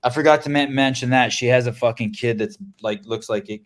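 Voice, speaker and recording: A man hosting a casual podcast, excitable and swearing, trailing off into fillers and restarts. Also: mid-range voice, fairly quick. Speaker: podcast host.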